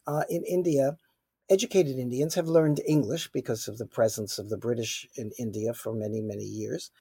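A man's voice: mid-range voice, dark tone, slightly rough, no echo, clean studio sound. A man from New York with a New York accent, giving earnest, explanatory answers as a guest expert in an interview. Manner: earnest, explanatory, self-deprecating. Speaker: guest expert on cross-cultural communication.

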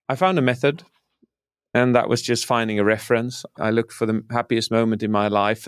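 A man's voice: lowish voice, no echo, studio quality. A man who works as a speaking coach, explaining his methods earnestly in a conversational interview.

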